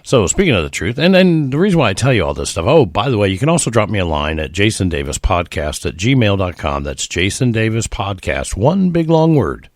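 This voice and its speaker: A man's voice: fairly low pitch, sing-song, fast talker, hardly any pauses, no echo, clean studio sound. A middle-aged man hosting a casual solo podcast, rambling and chuckling with lots of fillers. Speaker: podcast host.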